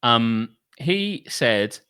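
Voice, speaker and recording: A man's voice: mid-range voice, big pitch swings, very slow, bright, forceful tone, clean tone. A man co-hosting a casual podcast, swearing freely and acting out quotes in mocking voices. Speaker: podcast co-host.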